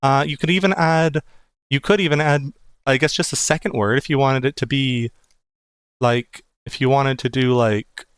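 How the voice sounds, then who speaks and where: A man's voice: steady tone, normal speed, clean tone, no room sound, lightly acted. A man voicing a cheerful young barmaid in a raised, sing-song voice. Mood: lilting. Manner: sing-song, rising and falling pitch.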